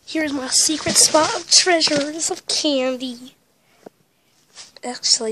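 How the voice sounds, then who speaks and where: A woman's voice: sits high, takes it slowly, pauses often, background noise. A woman chatting casually in a vlog, rambling and talking with a stuffy, congested nose from a cold. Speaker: vlogger.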